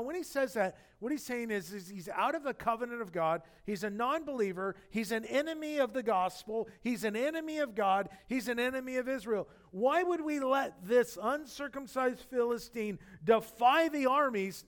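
A man preaching a sermon as pastor, animated and acting out the scripture quotes in different voices. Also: very high voice, normal speed, hardly any pauses.

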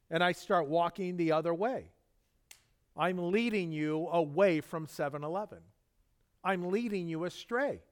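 A man giving a relaxed, conversational sermon, his voice sitting a bit high for a man. He tells everyday stories and acts out little bits of dialogue as he preaches. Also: a little slow. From Southern California. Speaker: pastor. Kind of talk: casual sermon.

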